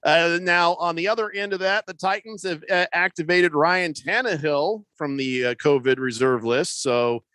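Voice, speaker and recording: Bright-voiced radio host rambling. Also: male voice, fairly high pitch, moderate pace, hardly any pauses, clean tone, no echo. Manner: rambling, with many fillers and mocking asides. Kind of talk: casual sports talk.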